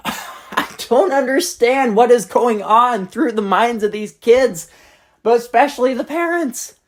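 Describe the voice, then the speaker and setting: Exasperated ranting storyteller, lively pitch. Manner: exasperated, blunt, profane ranting. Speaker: channel host. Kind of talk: storytime rant.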